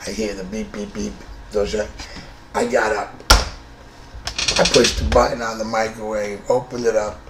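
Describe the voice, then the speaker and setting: A New Yorker in his fifties, with the accent to match, tells a true story in a blunt, profane, conversational way. His voice is fairly low with little pitch movement, normal speed, and long pauses. The room sounds roomy, with faint noise.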